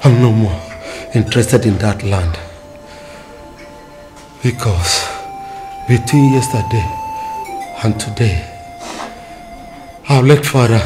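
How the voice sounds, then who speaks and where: An actor with a Nigerian accent playing an older, dying Christian father who speaks slowly and gravely. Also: medium pitch. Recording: music playing behind.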